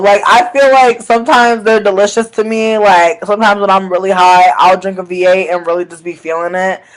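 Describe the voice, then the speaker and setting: A man with telling a story to viewers in a casual vlog, animated and slangy, swinging between loud bursts and low mutters. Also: poor audio. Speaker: vlogger.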